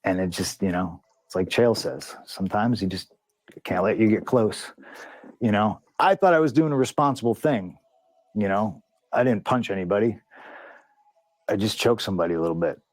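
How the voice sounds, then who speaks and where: A man's voice: fairly low pitch, moderate pace, no room sound. A man being interviewed, retelling a backstage clash in a blunt, profane, heated way. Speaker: interview guest. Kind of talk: casual storytelling in an interview.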